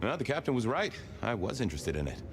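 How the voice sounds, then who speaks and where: A wry, curious vampire. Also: male voice, mid-range voice, very animated, quick pace, background noise. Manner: wry, probing questions. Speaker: game protagonist. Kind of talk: video game voice acting.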